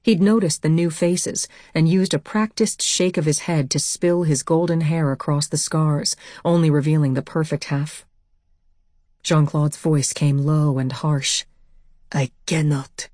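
A woman narrates a first-person novel as an audiobook in a low, intense voice. The recording is dry and close, with no room echo. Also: fairly even intonation, a little slow, a little mellow.

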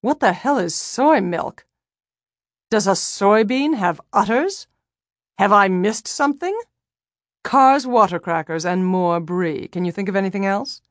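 A woman's voice: mid-range voice, animated, measured pace, no room sound, clean studio sound, close to an everyday voice. A woman reading an audiobook, voicing a crude, scornful older society woman who orders people around.

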